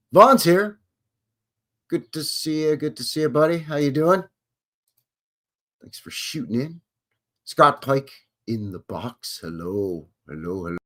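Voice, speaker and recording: A Canadian man hosting a live stream, reading history aloud with sarcastic, joking asides and greeting viewers. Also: medium pitch. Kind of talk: casual commentary while reading aloud.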